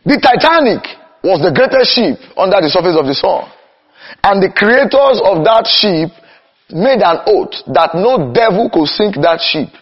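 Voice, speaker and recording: A man's voice: high-pitched, big pitch swings. A young man preaching with fervour, his voice rising and falling widely and sitting a little above the usual male range. He drags out his emphatic lines, then races through the rest. The recording is dull and lo-fi. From Nigeria. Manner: impassioned, swings between slow emphatic cries and rapid runs. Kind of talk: sermon.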